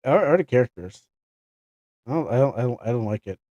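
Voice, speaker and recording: A man's voice: medium pitch, lively intonation, a little fast, dark tone, no echo, lo-fi sound. A young Canadian man chatting casually on a game livestream, rambling and correcting himself with chuckling asides. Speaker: streamer.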